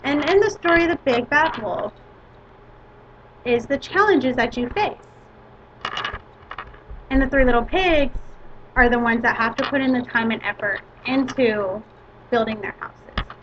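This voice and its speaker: Woman teacher, high voice, measured step-by-step lesson, dull lo-fi recording. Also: a bit bright. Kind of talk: lesson to a class. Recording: dull lo-fi recording with faint hiss.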